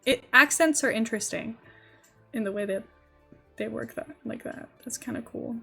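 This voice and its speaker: Young woman chatting on stream, kinda high voice, rambly, thinks out loud, soft music in back. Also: normal speed, gravelly, breathy edge. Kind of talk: casual livestream chat while building in a game.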